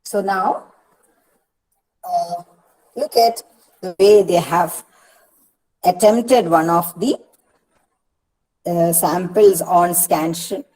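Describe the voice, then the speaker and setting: Very slow and pausing often, this fairly low, warm-toned woman teaches online as a university counsellor for a regional study centre session in Kerala, India. Speaking with an Indian English accent, she patiently repeats words and divides them into syllables. The recording is low quality.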